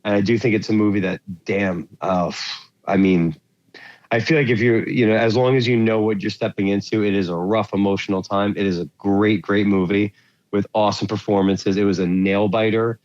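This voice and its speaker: A man co-hosts a movie podcast in a casual chat, his voice on the low side. He rambles and fills gaps with ums and likes as he hunts for words. The sound is dry and dull, with a lo-fi feel. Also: fairly even intonation, normal speed, darkish tone, no echo. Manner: rambling, searches for words with many fillers. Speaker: podcast co-host.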